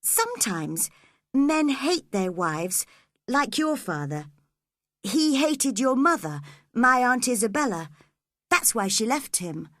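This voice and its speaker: A woman's voice: on the high side, sing-song, slow pace, fairly bright tone, no room sound, studio quality, voice pushed up, full character voice. A woman doing a sickly, whining teenage boy. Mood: peevish. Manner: whining, complaining. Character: sickly peevish teenage boy, self-pitying.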